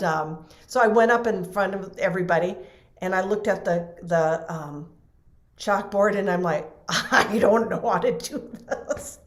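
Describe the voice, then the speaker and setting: A middle-aged woman, a podcast guest and trainer, telling a personal story in a lively way and acting out the people she quotes. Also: fairly low pitch. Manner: animated, acts out quoted voices, laughs often. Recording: roomy echo.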